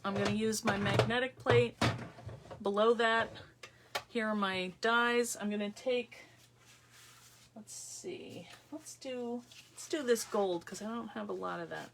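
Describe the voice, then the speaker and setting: A woman's voice: medium pitch, fairly even intonation, a little slow, creaky, noisy background. Chatty woman demoing crafts live. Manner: chatty, thinks aloud, greets viewers by name. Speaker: craft demonstrator hosting a livestream. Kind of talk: casual live craft tutorial. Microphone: phone.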